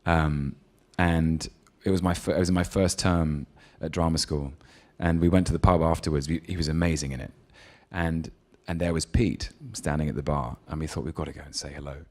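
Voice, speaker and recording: A rumbling low voice at normal speed, with fairly even intonation and few pauses, belongs to an actor being interviewed on stage. He shares stories and advice in a relaxed way, hesitant and thoughtful, saying um often and laughing easily.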